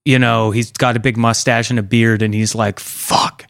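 A man's voice: medium pitch, little pitch movement, fairly quick, vocal fry, clear, resonant tone, no echo, studio quality. A young man hosting a casual comedy podcast, rambling loosely, swearing a lot and acting out voices. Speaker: podcast host.

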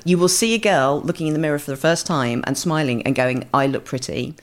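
A woman writer talking as a podcast guest in a lively way, acting out quoted voices. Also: deep voice, fast. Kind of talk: animated podcast chat.

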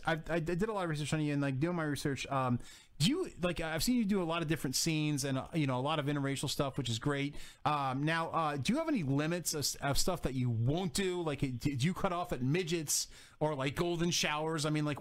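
A man's voice: a little high, fairly quick, fairly bright tone. An American man hosting an interview, stammering and repeating his words in casual chat. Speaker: podcast host.

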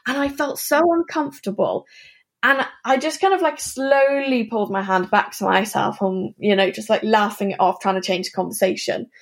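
A woman, an interview guest, telling a personal story in an earnest, halting way full of asides. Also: medium pitch.

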